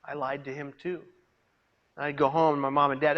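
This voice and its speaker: A man giving a personal testimony as a peer mentor, storytelling dramatically and swinging between hushed and loud delivery. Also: fairly high pitch, level tone, a little fast, highs cut off. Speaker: peer mentor and suicide prevention speaker. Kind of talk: personal testimony to a live audience. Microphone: video call.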